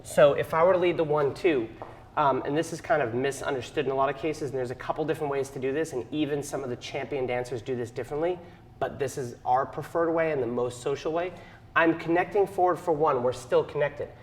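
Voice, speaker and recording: A man teaching a partner dance class, explaining moves and counting the beats aloud. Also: medium pitch. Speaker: dance instructor. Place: dance studio. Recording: long hall reverb.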